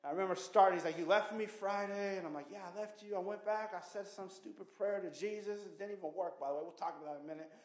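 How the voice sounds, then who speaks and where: A man in his thirties gives a preaching testimony, telling his story in animated street slang and acting out the quotes. His voice sits high for a man. The sound carries the echo of a big room. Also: fast, hardly any pauses. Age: 30s. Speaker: testimony speaker.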